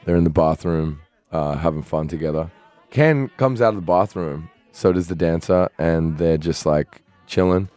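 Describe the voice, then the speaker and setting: A man with a very low, mellow voice tells a story at an easy pace in casual podcast chat. He drops into his friends' voices for the quotes, and a little music sits faintly underneath. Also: moderate pace, dry recording. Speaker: podcast co-host.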